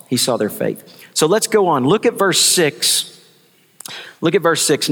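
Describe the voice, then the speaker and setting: A man preaching a sermon, repeating his key lines and acting out the people in the story. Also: mid-range voice. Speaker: pastor. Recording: long hall reverb.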